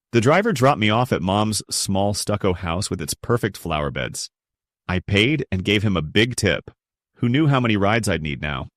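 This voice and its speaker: A man's voice: fairly low pitch, fairly bright tone, no room sound, studio quality. A young adult man narrating a first-person family story in a blunt, resentful tone.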